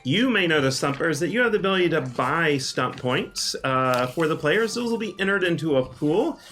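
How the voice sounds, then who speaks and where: A relaxed man explaining game rules. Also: a little high, moderate pace. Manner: relaxed, full of um and uh. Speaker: game master.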